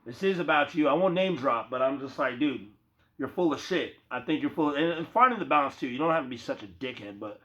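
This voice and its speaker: A man's voice: mid-range voice, expressive, fast talker, hardly any pauses, sharp tone. A young man in a loose, profane, rambling vlog monologue, talking casually to his viewers. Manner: loose, profane, slangy, calls viewer bro. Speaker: vlogger. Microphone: phone. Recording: dull lo-fi phone audio.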